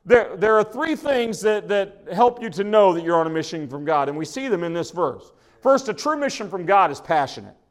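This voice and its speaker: A man's voice: high-pitched, lively intonation, moderate pace. A man from preaching a sermon in a folksy, conversational way, often restarting his phrases. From Oklahoma. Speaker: pastor.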